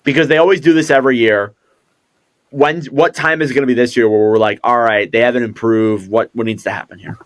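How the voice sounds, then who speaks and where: A man's voice: mid-range voice, steady tone, fairly quick, no room sound, clean studio sound. A man hosting a podcast in casual chat who thinks aloud as he goes. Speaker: podcast host.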